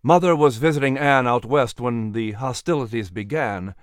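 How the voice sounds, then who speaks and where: A man doing a solemn colonial orator in a historical audio drama, mid-pitched and measured. He speaks with weighty, rhetorical conviction, recorded close and dry. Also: smooth, dry recording, close to an everyday voice. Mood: earnest. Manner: solemn, then impassioned rhetoric. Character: grave, fiery colonial orator and statesman.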